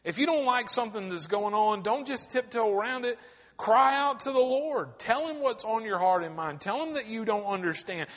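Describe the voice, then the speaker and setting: A pastor preaches to his congregation in a fairly high, fairly bright voice, animated throughout. He uses dramatic pauses and builds to emphatic cries, and a long reverb rings through the church sanctuary.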